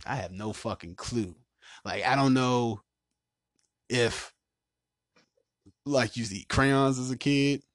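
A man's voice: medium pitch, slow pace, long pauses, dry recording, clean studio sound. Profane, ranting man hosting a podcast. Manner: profane, animated rants, laughs loudly. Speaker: podcast host. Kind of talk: casual podcast chat.

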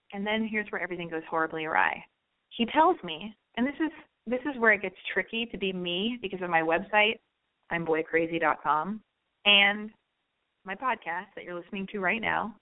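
Chatty woman telling a story over a tinny line. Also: mid-range voice. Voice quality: chatty, forward and brash. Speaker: podcast host. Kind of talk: casual storytelling monologue. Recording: narrow phone-like sound.

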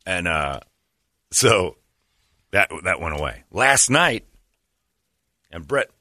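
A man hosting a talk show, telling stories in casual, animated chat. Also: deep voice, slow, no echo, clean studio sound. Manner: animated, self-amused storyteller who slips into quoted voices. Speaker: radio show host.

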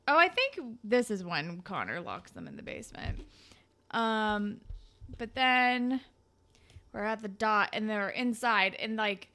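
A young woman chatting casually as a podcast co-host, retelling a show's scenes with lots of energy. Her voice is bright and a touch high, and she swears freely while acting out the characters. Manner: animated, swears, acts out characters' lines. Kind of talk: casual recap chat.

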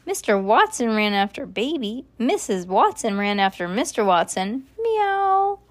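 A woman reading a children's book aloud in a lively, expressive way. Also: medium pitch, moderate pace, no echo. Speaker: storyteller.

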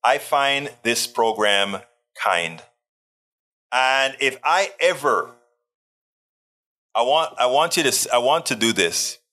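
Bright-voiced man hosting a live chat. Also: mid-range voice, lively intonation, takes it slowly, pauses often. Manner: chatty, reads comments aloud with joking asides. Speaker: livestream host. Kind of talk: casual live chat reading viewer comments.

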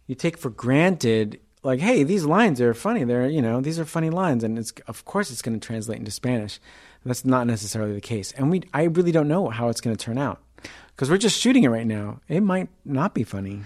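Relaxed, hesitant man. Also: medium pitch, moderate pace. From United States. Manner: relaxed, hesitant, fond of mimicking accents. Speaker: interview guest, comedian. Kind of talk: casual conversation.

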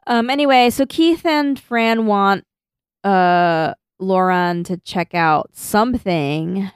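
Woman podcast host, smooth clear voice, chatty, laughing, dry close mic. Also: medium pitch, takes it slowly, no room sound. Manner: chatty, laughing, reads out her notes. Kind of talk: casual chat recapping an anime.

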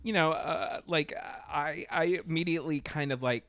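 A man in casual podcast chat, talking in a profane, animated way, with many fillers and restarts. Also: fairly high pitch, moderate pace, gravelly, no echo. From Latin America.

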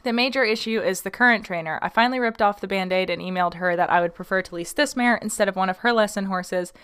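Chatty woman podcast host, smooth voice. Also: mid-range voice, fast talker, a bit bright. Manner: chatty, many ums and likes, laughs at herself. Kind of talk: casual podcast, reading a listener question.

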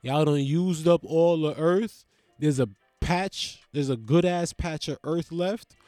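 A man's voice: fairly high pitch, slow, dark tone, no echo, faint music behind. A man voicing a blunt, streetwise bird that cusses and refuses to share where it is escaping to from a ruined earth. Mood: defiant. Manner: defiant, cussing, secretive.

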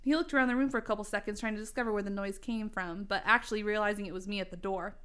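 A woman's voice: mid-range voice, fairly even intonation, rapid-fire, fairly bright tone, clean tone. A woman in her thirties reading her old teen story aloud, breaking into laughter and self-mocking asides. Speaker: reader.

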